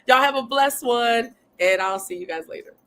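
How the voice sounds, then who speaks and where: A woman hosting a casual livestream, excitedly reading viewer comments aloud and often saying "y'all.". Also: a little high, moderate pace. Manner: says "y'all" often, Southern-tinged speech. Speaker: livestream host.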